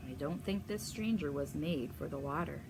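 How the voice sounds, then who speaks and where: A woman reading a picture book aloud to children, gently asking the listener questions as she goes. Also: low voice, moderate pace, gravelly, background noise. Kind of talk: storybook read-aloud.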